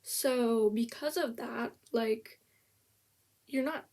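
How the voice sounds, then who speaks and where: A young woman with a slightly high voice gives a blunt, sarcastic rant in loose casual commentary. She swears freely and trips over her own sentences as she restarts them. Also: very slow, a little mellow. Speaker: vlogger reviewing a language app.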